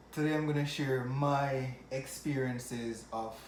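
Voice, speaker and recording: A man from Jamaica with a Jamaican accent, telling a personal story to camera in an animated way, often chuckling. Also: mid-range voice, slight background noise. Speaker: vlogger. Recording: echoey room.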